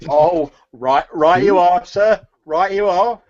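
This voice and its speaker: A man's voice: high voice, slow, darkish tone, lo-fi sound, pitched above the performer's own voice. A man voicing a nervous, fawning woman who sells turnips, stammering and calling everyone sir.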